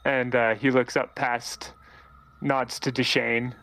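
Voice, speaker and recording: A man narrating as game master of a tabletop game, relaxed and quick to laugh. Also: medium pitch.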